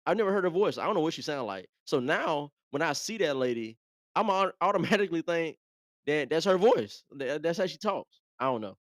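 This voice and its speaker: A man's voice: a little high, animated, brisk, no room sound, studio quality. A man hosting a live show, talking in a laid-back, chatty way and often repeating himself. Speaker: host. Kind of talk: casual live commentary.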